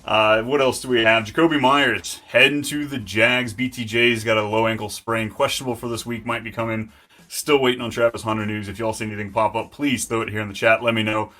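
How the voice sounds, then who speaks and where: A man hosting a live fantasy football stream, talking in an excitable, hyped and rambling way. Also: lowish voice, brisk. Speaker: host.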